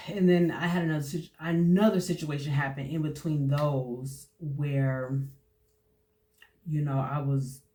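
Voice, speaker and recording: Woman telling a painful story, halting and emotional. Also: sits low, fairly even intonation, a little mellow. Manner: halting, full of fillers and restarts; emotional, voice dropping at times. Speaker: host sharing personal testimony. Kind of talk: personal testimony monologue.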